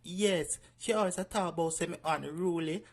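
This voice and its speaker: A performer voicing a cheeky, unruly young boy with a Jamaican accent in a cartoon, slow and sly. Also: medium pitch, close to an everyday voice.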